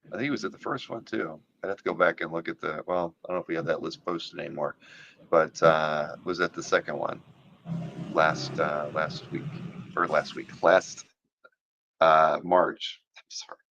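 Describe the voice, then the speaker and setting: A man's voice: a bass voice, fairly even intonation, normal speed, fairly bright tone, lo-fi sound, a little hiss or hum. A man hosting a casual chat about comic art, rambling with many fillers and restarts, and losing his voice. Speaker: podcast host.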